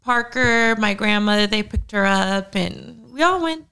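A woman's voice: mid-range voice, expressive, unhurried, vocal fry, pushed and bright, clear, resonant tone. A woman co-hosting a casual podcast, telling stories in a chatty way with lots of "like" and laughter. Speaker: podcast co-host. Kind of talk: casual chat.

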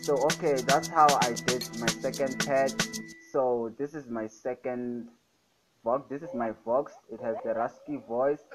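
Young male tutor, slow relaxed delivery, keeps hyping the sounds as he goes; loud music under him. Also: mid-range voice. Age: young adult. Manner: enthusiastic, repeats "fire, guys". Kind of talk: casual screen-recorded tutorial. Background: loud music playing.

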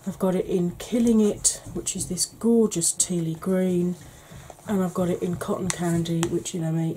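A woman hosting a beauty channel, chatting casually and rambling softly while she declutters her makeup, with self-deprecating asides. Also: on the low side, a little hiss or hum, rough recording. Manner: soft, quiet delivery.

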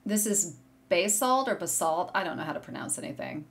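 A woman hosting a knitting video podcast from a room at home, chatting casually and gushing excitedly to viewers as she shows yarn. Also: lowish voice, brisk. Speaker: podcast host. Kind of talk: casual chat showing yarn on camera. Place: home room with a curtain behind her. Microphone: desk setup facing a monitor.

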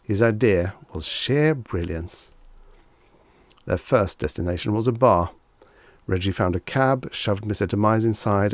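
A man with a low voice reads an old short story aloud in an even, measured way. The recording is dry and close, with no room sound. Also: creaky, no echo. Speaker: audiobook narrator. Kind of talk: scripted audiobook narration.

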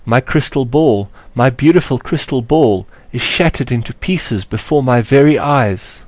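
A man narrating his own story aloud in a measured, expressive audiobook reading. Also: medium pitch, no room sound. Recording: dry close recording.

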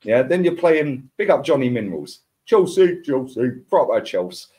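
A man's voice: medium pitch, big pitch swings, normal speed, mellow. A man, ranting as a football podcast pundit in heated casual chat, full of slang and repeated words.

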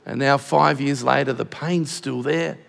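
A man's voice: medium pitch, fairly even intonation, measured pace, vocal fry. An older man with an Australian accent preaching a passionate sermon as pastor of a church. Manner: passionate, drops to a hushed voice in tender moments. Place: large church auditorium. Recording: long hall reverb.

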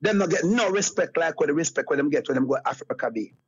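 A man's voice: a little high, animated, quick pace, slightly rough. A Jamaican man talking as an interview guest in casual patois, rambling and repeating phrases like "you get me, I say". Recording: dull lo-fi sound.

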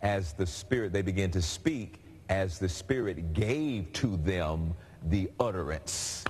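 A man's voice: deep voice, slow, slightly rough. A man preaching a sermon in a conversational, storytelling way. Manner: conversational, animated storytelling with laughs.

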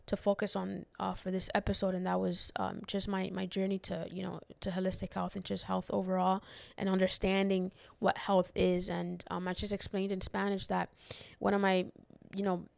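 Emotional young woman with a gravelly edge. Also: medium pitch, monotone, normal speed, darkish tone, no echo. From immigrant who moved to the United States as a child. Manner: rambling, many fillers and restarts, gets emotional. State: tearful, near crying. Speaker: podcast host. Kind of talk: personal reflective monologue.

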